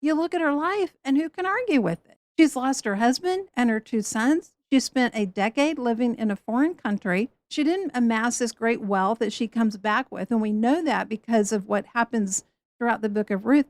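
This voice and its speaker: Expressive woman teaching the Bible. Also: fairly high pitch, normal speed, no room sound. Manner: animated storytelling, acts out quoted people.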